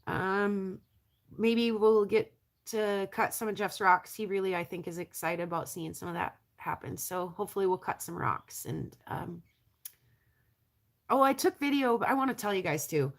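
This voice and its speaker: A rockhounding vlogger from the North American prairie chats casually with her viewers, rambling and laughing often. Her voice is medium in pitch and her pace moderate.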